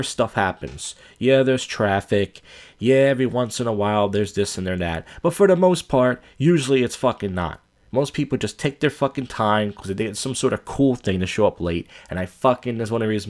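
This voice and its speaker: A man hosting a podcast and ranting casually and profanely. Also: lowish voice. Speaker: podcast host.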